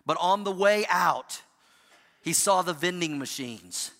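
A man's voice: high-pitched, lively intonation, unhurried, gravelly, bright, forceful tone. A middle-aged man preaching a sermon, telling a family story with playful asides. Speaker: pastor. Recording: reverberant hall.

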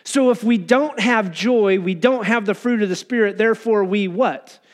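A man's voice: high voice, normal speed. A man preaching an earnest, conversational sermon, acting out people's complaints as he goes. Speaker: pastor.

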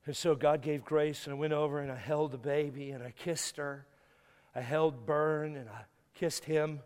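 A guest pastor telling a painful story in a sermon, tearful and halting, stumbling and repeating words as he is moved. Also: on the high side, smooth. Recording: long hall reverb.

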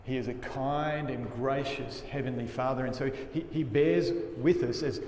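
A man preaching a sermon as a pastor, earnest and emphatic, often dropping his voice low for weight. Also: moderate pace, a little mellow. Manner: earnest, emphatic preaching with dramatic drops in volume. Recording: echoey hall with faint room noise.

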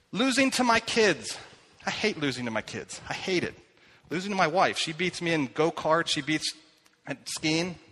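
A man's voice: high-pitched, sharp tone. A middle-aged man preaching a sermon, telling self-deprecating personal stories with many fillers and restarts. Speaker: pastor. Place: church hall. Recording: long hall reverb.

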